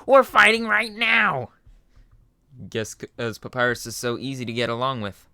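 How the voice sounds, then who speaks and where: A young man voicing a loud, boastful and cheerful skeleton in a fan reading, with a shouty, theatrical delivery. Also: medium pitch, sing-song, moderate pace, creaky, clear, resonant tone, no echo, clean studio sound, full character voice. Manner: shouty, theatrical, self-assured. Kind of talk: fan voice reading of a game character.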